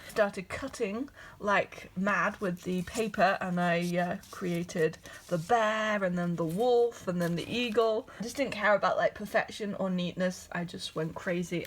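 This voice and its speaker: A young woman, an artist, showing her sketchbook in a casual, chatty vlog. She is excitable and scattered and keeps breaking off mid-sentence. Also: lowish voice. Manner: excitable, scattered, self-interrupting.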